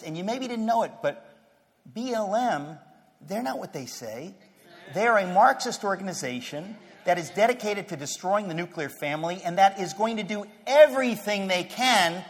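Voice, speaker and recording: A man giving an impassioned sermon-style speech to a Christian audience, emphatic and fervent, swinging from low, quiet passages to loud declarations. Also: animated, moderate pace. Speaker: speaker addressing a Christian audience. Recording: long hall reverb, faint crowd.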